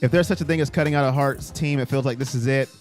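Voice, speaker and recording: A man's voice: medium pitch, quick pace, faint music behind. A man hosting a casual live stream, talking through viewer chat in a rambling, talkative way.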